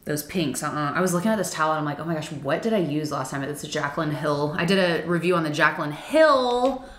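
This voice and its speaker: A woman's voice: sits low, lively intonation, fairly quick, a little hiss or hum. A young woman chatting casually through a makeup review, chatty and self-deprecating, with frequent fillers. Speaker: beauty vlogger. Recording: echoey room.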